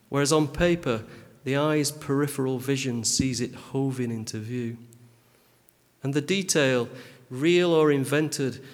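A man reading a literary critique aloud in a measured, dry, pedantic manner. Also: mid-range voice. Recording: long hall reverb.

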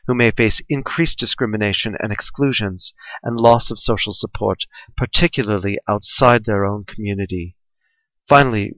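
A man with a fairly low voice reads a research report aloud in a measured, formal, even manner. The recording is dull and lo-fi, with a dry, close sound and no room echo. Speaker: reader of a report. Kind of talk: scripted reading of a research article.

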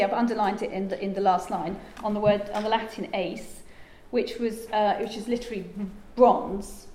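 A woman's voice: medium pitch, a little mellow, a little hiss or hum. A woman giving an informal lecture as a translator, chatty and digressive, with lots of ums and asides. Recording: echoey room with faint ambience.

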